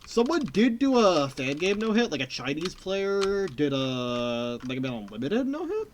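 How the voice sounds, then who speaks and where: A male streamer talks casually to his chat while playing a retro platformer. His pitch jumps around in an animated, lively way, and he curses and breaks into loud outbursts often. A faint clatter of typing runs underneath. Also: normal speed, slight background noise. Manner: excitable, swears often, bursts of shouting and laughter.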